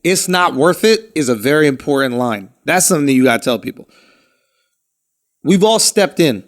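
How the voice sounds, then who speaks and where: High, lively-voiced man joking around. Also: moderate pace. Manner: loud, animated storytelling, swears freely. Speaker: podcast co-host. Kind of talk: casual comedic banter. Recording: studio podcast mic.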